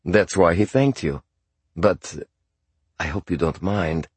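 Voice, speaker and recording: A man reading an audiobook, voicing a cool, streetwise teenage boy with a bored, calm, offhand way of talking. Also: low voice, slow, husky, dry recording, full character voice.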